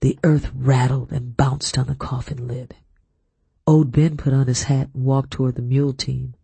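Male audiobook reader, deep mellow tone, measured first-person storytelling, dry close sound. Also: level tone, creaky, breathy edge, no echo. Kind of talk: scripted first-person narration.

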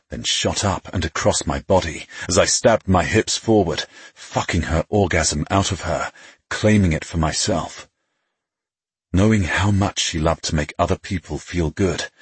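Very husky deep-voiced male narrator. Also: no room sound. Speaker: audiobook narrator. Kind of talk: first-person audiobook narration.

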